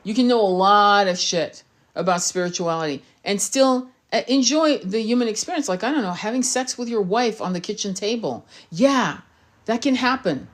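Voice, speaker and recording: A woman's voice: mid-range voice, lively intonation, moderate pace. Blunt, profane woman ranting. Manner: blunt, profane and emphatic, with frequent restarts. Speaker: tarot reader and spiritual commentator. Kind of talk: unscripted rant to camera.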